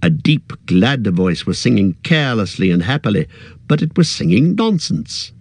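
A man reading a fantasy story aloud in a steady, measured narration. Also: on the low side, slightly rough, no room sound. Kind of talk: audiobook narration.

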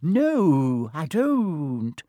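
Guy doing a nervous brainy schoolgirl, a bit higher, slow and worried. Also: huge pitch swings, dark tone, no room sound, exaggerated voice. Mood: anxious. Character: anxious clever schoolgirl.

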